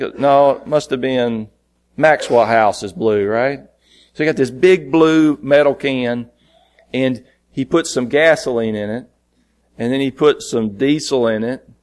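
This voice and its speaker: A man preaching a sermon, telling a lively personal story in a folksy, animated way. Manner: animated, folksy storytelling, jumping in pitch for quoted lines.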